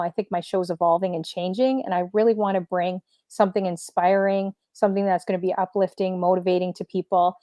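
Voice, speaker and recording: Chatty woman DJ, a little hoarse. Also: mid-range voice, warm tone, dry recording, studio quality. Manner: upbeat, chatty, many fillers. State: slightly losing her voice. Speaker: streamer DJ guest. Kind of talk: casual interview chat.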